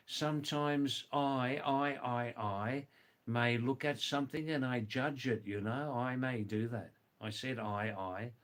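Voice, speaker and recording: Man, live-stream chat, unhurried, mid-pitched, repeats himself. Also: a bit bright. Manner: repeats himself, stammers on restarts.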